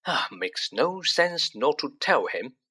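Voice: medium pitch, big pitch swings, slow pace, pushed and bright, breathy edge, voice pushed up, exaggerated voice. A reader voicing a middle-aged storybook father who talks heatedly and earnestly.

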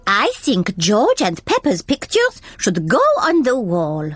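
Cartoon gazelle teacher, encouraging, sing-song voice, soft music behind. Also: female voice, mid-range voice, wildly swooping pitch, slow pace, no echo, exaggerated voice. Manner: gentle, encouraging. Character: kindly French gazelle playgroup teacher.

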